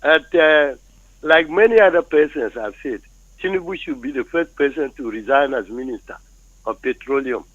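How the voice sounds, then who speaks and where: A man with a Nigerian accent calling in, arguing his views forcefully with some teasing. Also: fairly high pitch, very animated, moderate pace, vocal fry, no echo. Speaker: phone-in caller. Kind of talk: call-in opinion. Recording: dull dry phone line.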